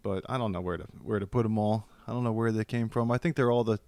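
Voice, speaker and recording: Man, low pitch, dry close sound, joking storyteller. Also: steady tone, fast, darkish tone, smooth, no room sound. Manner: jokey storyteller, laughs often. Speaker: comedian guest. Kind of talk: casual podcast chat.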